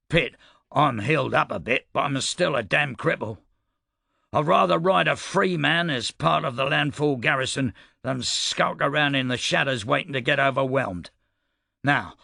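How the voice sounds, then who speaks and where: A man's voice: medium pitch, sharp tone, no room sound, clean studio sound. A man voicing an aging, battle-worn cavalry commander who speaks bluntly, in an audiobook. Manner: gruff, plain-spoken, commanding.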